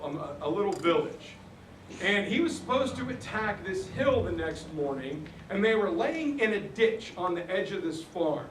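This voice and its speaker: Man, fairly high voice, earnest history storyteller, recorded in a roomy space from a distant mic. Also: fairly bright tone, a little hiss or hum. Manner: earnest retelling that acts out quoted soldiers. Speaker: speaker on history.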